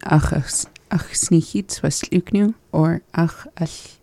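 A woman in a casual language lesson, practising phrases slowly and laughing at her own slips. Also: deep voice, creaky, dark tone. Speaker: language learner and co-host.

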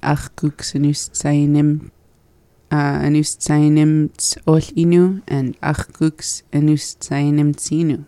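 Woman w/ low mellow voice, talks slow, tries phrases out, laughs at her mixups, dry sound. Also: little pitch movement, dry recording. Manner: practises phrases slowly and laughs at her slips. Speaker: language learner and co-host. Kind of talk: casual language lesson chat.

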